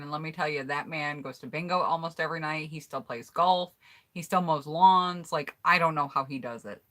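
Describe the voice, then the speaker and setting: A woman's voice: deep voice, pushed and bright. An American woman hosting a casual live stream, reading out viewer comments and answering in a blunt, candid, chatty way. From United States.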